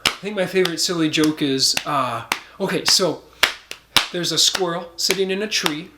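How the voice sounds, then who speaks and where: A woman's voice: fairly low pitch, moderate pace, heavy background noise. A woman leading a children's music lesson in a cheerful, playful way, talking straight to the kids.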